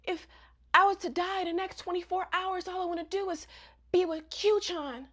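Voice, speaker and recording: A woman's voice: very high-pitched, fairly even intonation, moderate pace, a bit bright, pitched above the performer's own voice. A woman voicing an earnest, lovesick teenage girl who talks in a pleading way.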